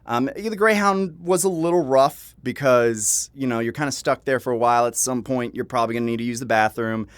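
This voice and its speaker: A man's voice: medium pitch, fairly quick, hardly any pauses, clean tone, no room sound. A young man telling a personal story in a casual vlog, rambling with frequent laughs and restarts, swearing now and then. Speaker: vlogger. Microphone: home microphone.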